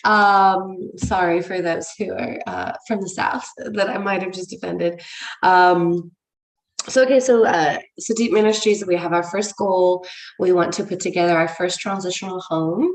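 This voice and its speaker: A woman's voice: on the low side, steady tone, measured pace, echoey room, poor audio. A woman with an English accent leading a ministry livestream, talking casually and frankly to viewers, swearing for emphasis and greeting them by name. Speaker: ministry leader. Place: room, livestream.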